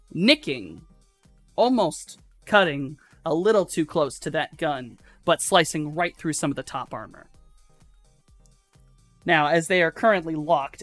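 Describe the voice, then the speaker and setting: Woman game master, slow unhurried delivery, lowish voice, loose and profane, faint music behind. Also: a bit bright. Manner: loose and profane, halting with fillers. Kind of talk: narrating a tabletop game.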